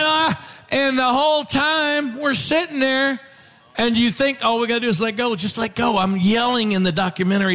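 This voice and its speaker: Animated preacher, high lively voice. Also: male voice, measured pace. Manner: animated storytelling with shouts and call-outs. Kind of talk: sermon.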